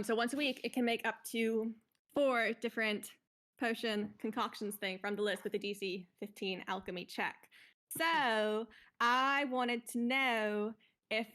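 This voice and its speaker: A woman with a medium-pitched voice talks through her request as a player in a tabletop game, rambling and hedging as she goes. She pauses often and circles back to her point. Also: a bit bright. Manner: rambling, hesitant, lots of likes.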